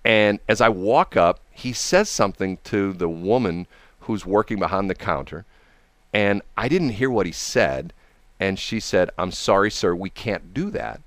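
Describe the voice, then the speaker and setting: A man spins a rambling everyday story, slipping into the voices of the people in it. His pitch swings widely as he talks. The sound is close and dry. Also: measured pace, dry recording. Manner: animated, acts out quoted people. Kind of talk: casual storytelling.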